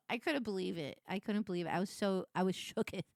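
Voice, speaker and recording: A young adult woman streamer chatting casually with her viewers, animated and laughing, prone to excited shrieks. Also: mid-range voice, moderate pace, gravelly, dry recording, studio quality.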